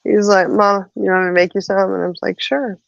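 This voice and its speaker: A woman's voice: mid-range voice, flat delivery, a little fast, gravelly, no echo. Woman, talkative livestream host, laughs a lot, dry and muffled lo-fi sound. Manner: chatty storyteller, laughs often. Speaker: host of a live chat show. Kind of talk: casual livestream chat.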